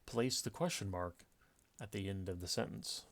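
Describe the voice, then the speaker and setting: A man explaining punctuation rules in a casual lecture, relaxed and explanatory, with frequent fillers and restarts. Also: low-pitched, moderate pace. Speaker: writing teacher.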